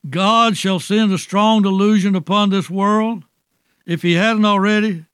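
A man preaching a sermon in an earnest, halting way, with frequent restarts as he talks to his listeners. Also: sits high, fairly even intonation, fairly bright tone, clear, resonant tone, no room sound. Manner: earnest, halting restarts, often says "dear soul".

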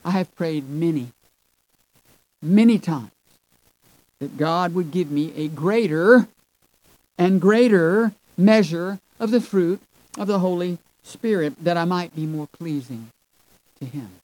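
Slow, emphatic male preacher. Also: sits high, no room sound, low-quality recording. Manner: emphatic, drawn-out phrases with sudden swells in loudness; addresses the audience as folks and friends. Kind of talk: sermon.

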